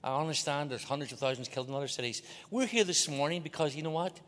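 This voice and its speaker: A man preaching to a large church, his voice sitting a little high for a man as it rings out with a long hall reverb. He teases the crowd and has them call words back to him. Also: fast, a bit bright. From Ireland. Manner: joking, leads the crowd in call-and-response. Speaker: guest preacher. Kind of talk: sermon.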